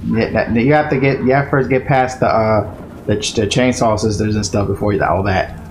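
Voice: medium pitch, fairly even intonation, brisk, background noise. Speaker chatting along during gameplay. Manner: gives directions and teases. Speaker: co-commentator. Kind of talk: casual gameplay commentary.

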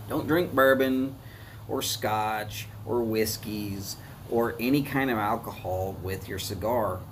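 A man's voice: on the low side, a little hiss or hum. A man with a Southern US accent hosting a live cigar review, chatting to viewers in a folksy way. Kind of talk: casual live-stream talk.

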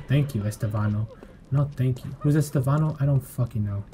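A man giving profane, jumpy commentary while playing a video game, swinging between yelling outbursts and self-mocking jokes. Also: medium pitch, animated, moderate pace, slight background noise. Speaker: gameplay streamer. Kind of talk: live gameplay commentary.

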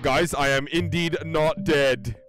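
A man playing a video game with friends in a loud put-on Australian accent, swearing and reacting excitedly. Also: a little high, takes it slowly, over music. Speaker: gamer streaming with friends. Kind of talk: casual game chat.

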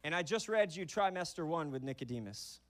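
A young adult man preaching a sermon in a church, conversational and animated, acting out quick bits of dialogue as he tells stories. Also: a little high. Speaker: pastor. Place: church auditorium.

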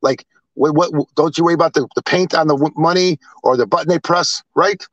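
A man's voice: on the high side, fairly quick, fairly bright tone, no echo, highs cut off. Blunt older man telling a story. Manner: blunt, swears, rambling anecdotes. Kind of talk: casual storytelling.

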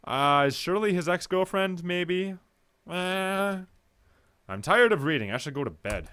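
Excitable young man with a bright voice. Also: sits high, measured pace, clear, resonant tone. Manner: excitable, jumpy, shouting at scares. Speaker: let's play gamer. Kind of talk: horror game commentary, reading dialogue aloud.

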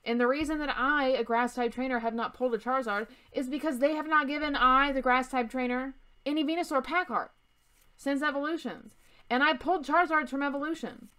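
A woman's voice: sits high, brisk, bright, forceful tone, clear, resonant tone. A young woman hosting a card-opening vlog, chatting casually in a jokey, self-deprecating way. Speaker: YouTube host opening trading card packs. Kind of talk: casual chat.

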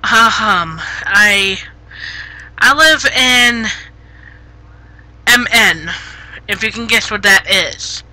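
A woman streaming live on a headset, chatting casually with viewers, giggly and easily flustered, gently scolding chat when it gets rude. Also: mid-range voice, drawn-out words, long pauses, low-quality recording. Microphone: gaming headset.

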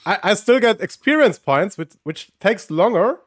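A male gaming streamer hosting a casual livestream, reacting excitedly out loud to the race. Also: high voice, normal speed. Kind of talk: casual gameplay livestream chat.

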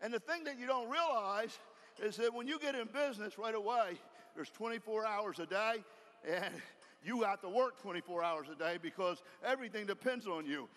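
A man giving a folksy, emphatic motivational speech from a stage, firing off rhetorical questions and sometimes shouting. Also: high-pitched, normal speed. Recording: reverberant hall, faint background noise.

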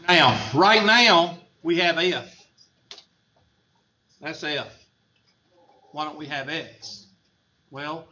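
A man's voice: mid-range voice, pushed and bright. A man teaching a math class, joking and drawling as he goes. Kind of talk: classroom lecture. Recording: echoey room, dull lo-fi sound, faint noise.

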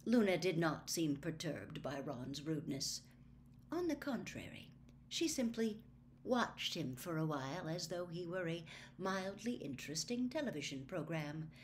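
A woman reading a storybook aloud in a measured, expressive way. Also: fairly low pitch, a little hiss or hum. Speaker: audiobook reader.

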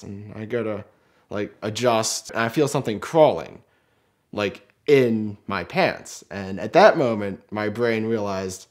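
A man's voice: fairly low pitch, a little slow. Man telling a funny mishap story. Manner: animated, self-mocking, acts out quoted lines. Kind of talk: casual storytelling.

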